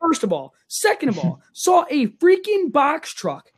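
A man's voice: extremely high pitch, unhurried. Young male podcast co-host, ranting, casual and rowdy. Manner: ranting, animated, says okay often.

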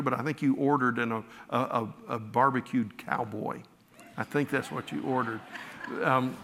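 A man's voice: mid-range voice, fairly bright tone. A man preaching a sermon, telling stories about himself with a self-deprecating touch and frequent restarts. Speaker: pastor. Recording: long hall reverb.

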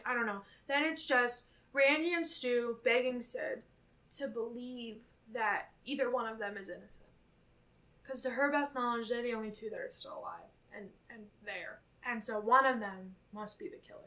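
A young woman co-hosting a podcast, casually recapping a film in an animated, profane way. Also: fairly high pitch. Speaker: podcast co-host.

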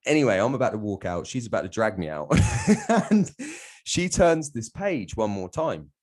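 Man in his thirties, low-pitched voice, blunt and sweary, candid guest storyteller. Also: big pitch swings, moderate pace, darkish tone, slightly rough. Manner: blunt, sweary, laughs often.

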